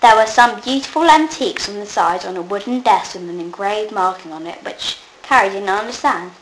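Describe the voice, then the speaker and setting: A woman's voice: mid-range voice, fairly quick. A woman reading her own short story aloud in a plain way, with small slips and restarts, in an echoey room. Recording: echoey room, faint noise.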